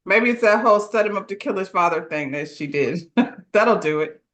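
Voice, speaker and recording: A woman's voice: mid-range voice, expressive, moderate pace, a bit bright, highs cut off. A woman co-hosting a casual show, recapping a TV episode in slangy, laugh-filled storytelling and acting out the characters' lines. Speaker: podcast co-host reviewing a TV episode.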